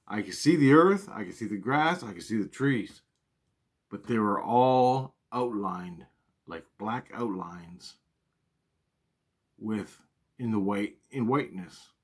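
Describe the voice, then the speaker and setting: A man's voice: fairly low pitch, expressive, takes it slowly, pauses often, breathy edge. Man telling a story, profane and earnest. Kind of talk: casual spoken storytelling.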